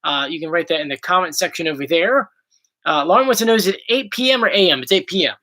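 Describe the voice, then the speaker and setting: A man's voice: high voice, animated, fast talker, pushed and bright. A man hosting a casual livestream chat, playful and teasing his partner. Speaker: host.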